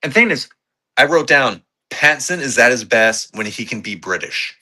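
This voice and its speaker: A man co-hosting a podcast, reviewing movies in casual, excitable chat, swearing freely and rambling with fillers. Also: medium pitch, normal speed. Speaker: podcast co-host.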